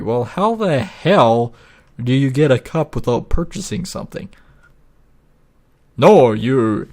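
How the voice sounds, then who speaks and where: A man talks over his gameplay in a loose, rambling way. His voice sits at an ordinary middle pitch. He swears freely and drifts into rants as he plays. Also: expressive, slow pace, long pauses, a little mellow. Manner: rambling, profane and ranting. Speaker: gaming video host. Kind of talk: casual gameplay commentary.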